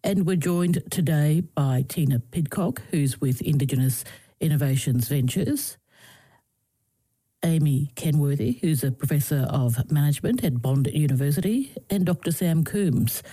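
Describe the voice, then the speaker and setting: A woman's voice: low-pitched, a little slow, mellow, breathy edge. A woman hosting a radio interview, conversational and asking questions. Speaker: radio host.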